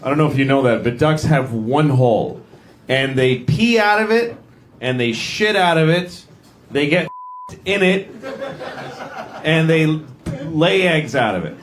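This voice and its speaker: Young man, stand-up comic, high voice, rambling and crude, noisy live club recording. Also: lively intonation, a little slow, long pauses, roomy sound. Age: young adult. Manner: crude, rambling, self-mocking. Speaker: stand-up comedian. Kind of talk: stand-up comedy. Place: comedy club stage.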